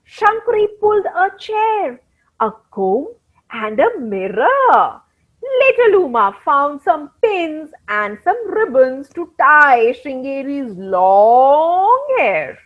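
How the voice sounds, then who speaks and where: A woman reads a storybook to children in a high, lively voice, and she speaks to them directly. She takes her time over the words. The recording is dull and lo-fi. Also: slow pace. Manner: animated, addresses the children directly. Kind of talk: storybook reading for kids.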